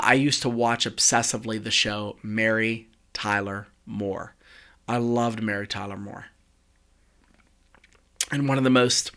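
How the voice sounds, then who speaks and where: A middle-aged man, an executive communication coach, giving direct conversational advice with lively asides. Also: medium pitch. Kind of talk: coaching talk, advice on eulogies.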